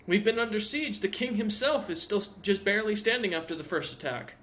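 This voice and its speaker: A man voicing a gruff, suspicious male dwarf guard in a tabletop game. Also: high voice, lively intonation, a little fast, a bit bright, pitched above the performer's own voice. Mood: alarmed.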